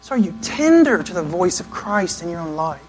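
A man preaching a sermon in an earnest, conversational way, now and then acting out quick asides. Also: high-pitched, very animated, a little mellow, slight background noise, rough recording. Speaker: pastor.

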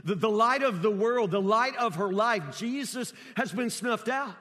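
A man preaching a sermon, emphatic and repetitive, rising at times to near-shouts. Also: high voice, animated, measured pace, in a large hall.

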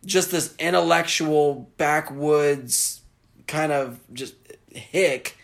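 Man from the american south, casual chat, enthusiastic, rambling, somewhat high voice. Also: drawn-out words, vocal fry. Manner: enthusiastic, rambling, acts out movie lines.

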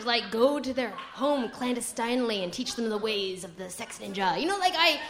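A young adult woman telling a comedic story to a live audience, animated and giggly, acting out her friends' voices. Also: on the high side.

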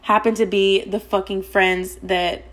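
A young adult woman hosting a podcast, telling a story in casual chat: fast, profane and gossipy, with "like" all through. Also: medium pitch, little pitch movement, fairly bright tone. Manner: rapid, profane, gossipy, heavy use of "like". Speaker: podcast host.

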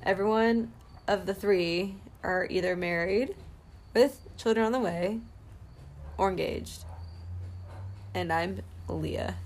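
A woman's voice: medium pitch, slow, long pauses, a little mellow, a little hiss or hum. A woman in her twenties from Ohio, co-hosting a podcast in casual chat, joking and giggling often. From Toledo, Ohio, US. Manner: joking and giggly, slips into playful put-on voices. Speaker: podcast co-host.

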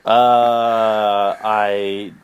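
Canadian man, low-pitched, relaxed podcast co-host, filler-heavy, self-mocking. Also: drawn-out words, clear, resonant tone. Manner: laid-back, self-deprecating, many fillers. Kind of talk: casual chat.

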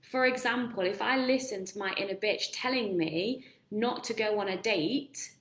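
Blunt, chatty woman coach on a live stream, mid-pitched voice, casual swearing, recorded in an echoey room. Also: moderate pace, a bit bright. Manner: direct, asks the viewer questions, casual swearing. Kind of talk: live-streamed motivational talk.

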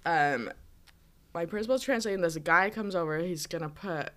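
A woman's voice: on the low side, moderate pace, fairly bright tone. Chatty twenties woman telling a story. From United States. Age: 20s. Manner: rambling storyteller, lots of fillers and laughs. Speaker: teacher. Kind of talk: casual chat.

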